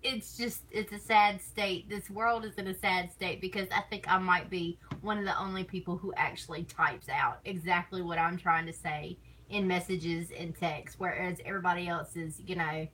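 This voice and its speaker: A woman's voice: on the low side, steady tone, normal speed, fairly bright tone, slight background noise, rough recording. A woman streamer chatting casually on stream, rambling and teasing, laughing often between thoughts. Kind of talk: casual chat.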